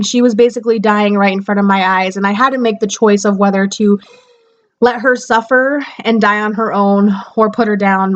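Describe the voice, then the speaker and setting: A woman's voice: medium pitch, lo-fi sound. A young woman giving a casual spoken book review, rambling and exasperated as she talks through what frustrated her.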